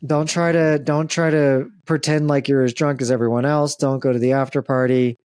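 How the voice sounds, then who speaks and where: A man's voice: mid-range voice, fairly even intonation, moderate pace, darkish tone, smooth, no room sound. A young man hosting a comedic podcast, chatting casually with loose jokes, fillers and the odd curse. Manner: joking, loose, frequent fillers and profanity. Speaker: podcast host.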